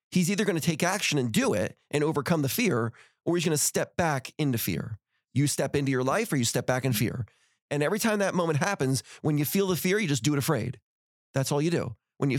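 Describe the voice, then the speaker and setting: A man's voice: on the high side, animated, brisk, no echo, clean studio sound. A man telling a motivational story on a podcast, speaking with energy and acting out the dialogue in his stories. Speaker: podcast guest and author.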